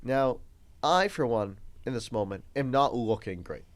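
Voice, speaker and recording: Young man, podcast co-host, casual storytelling, animated, swooping pitch. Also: a little slow. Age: young adult. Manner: animated, laughs often, acts out quoted voices.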